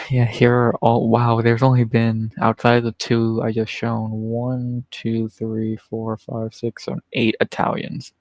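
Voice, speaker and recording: A man's voice: medium pitch, completely flat delivery, slow, a little mellow, dry recording, poor audio. A man hosting a livestream in casual, profane, rambling chat, chuckling often. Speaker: livestream host.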